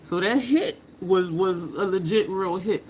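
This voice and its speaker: A woman at a middle pitch, talking through her makeup routine in a loose, rambling way. She drifts from story to story, laughing and swearing along the way. A faint hiss sits under her voice. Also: a little slow, a little mellow, rough recording. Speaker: makeup vlogger. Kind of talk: casual chat while doing makeup.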